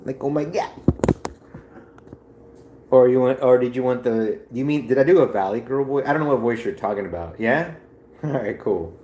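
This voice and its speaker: A man's voice: mid-range voice, brisk, dark tone, reverberant, slight background noise. Rambling, casual male streamer. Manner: loose, rambling, swearing. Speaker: livestreamer. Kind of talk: casual chat with viewers.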